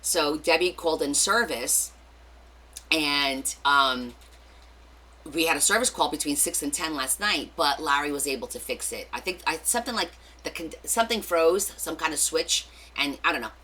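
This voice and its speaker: A woman's voice: sits low, animated, moderate pace, sharp tone, husky. A middle-aged woman with a New Jersey accent, hosting a craft livestream, chatting casually and greeting viewers by name with rambling asides.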